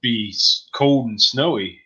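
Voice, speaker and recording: A man's voice: mid-range voice, slow pace, sharp tone, slightly rough, highs cut off. A man from Pennsylvania co-hosting a casual livestream chat, joking and laughing through his stories. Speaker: livestream co-host.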